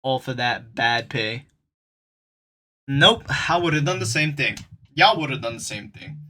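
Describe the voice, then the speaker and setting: A man's voice: mid-range voice, animated, measured pace, pushed and bright. A young man telling a story on his stream, talking casually in loose slang and speaking straight to his viewers.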